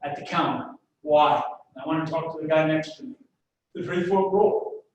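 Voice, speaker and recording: A man's voice: fairly high pitch, normal speed, dull audio. A man giving a webinar sales presentation, talking straight to his audience in a folksy, story-driven way. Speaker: sales trainer. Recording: echoey room, distant mic, faint noise.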